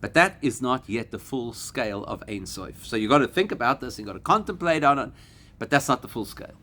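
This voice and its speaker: Animated rabbi teaching a class. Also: male voice, medium pitch, a little fast. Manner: animated, rising to emphatic peaks and acting out quoted voices. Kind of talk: Torah class lecture.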